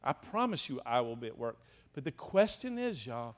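A man preaching a sermon to a small group, swinging from hushed, low passages to loud, rising exclamations and addressing the room directly. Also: big pitch swings, moderate pace.

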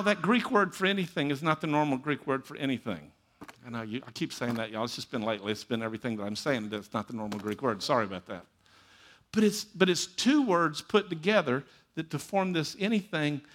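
A man preaching a sermon as pastor, telling stories and repeating phrases for emphasis, swinging between loud emphatic lines and quiet asides. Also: high voice, expressive, brisk.

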